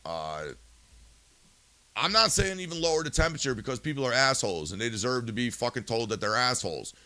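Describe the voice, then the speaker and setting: A man's voice: mid-range voice, big pitch swings, brisk, sharp tone, no echo. A male podcast host in a profane ranting monologue, angry and swearing, firing rhetorical questions and then turning subdued and somber.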